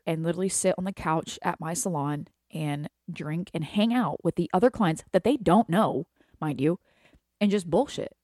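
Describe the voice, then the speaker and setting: A woman in her thirties talks on her own about her work as a hairstylist, blunt and profane, laughing as she goes. Her voice sits a little low and sounds close and dry, with no room around it. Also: a little mellow, no echo. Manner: profane, candid, laughs often. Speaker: hairstylist and salon owner. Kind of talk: casual monologue.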